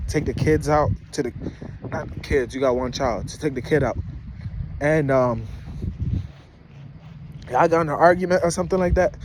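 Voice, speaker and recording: Standing at a rest stop, a twenty-something vlogger delivers a rambling, slang-heavy commentary rant, sounding incredulous. His voice sits fairly high, and a slight hiss or hum is audible.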